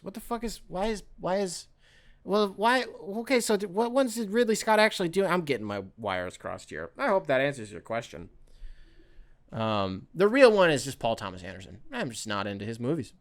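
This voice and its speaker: A young adult man hosting a podcast alone, rambling and animated, swearing and correcting himself as he goes. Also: mid-range voice. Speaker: podcast host. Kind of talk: casual solo monologue.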